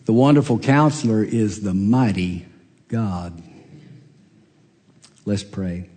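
A man with a mellow, lowish voice preaches a sermon as a pastor. He tells a story, acting out the voices of the people in it, and the recording carries the long reverb of a large hall.

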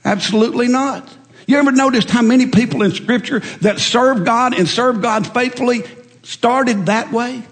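A middle-aged male preacher giving a folksy, animated sermon full of stories. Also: very high voice, moderate pace, in a large hall.

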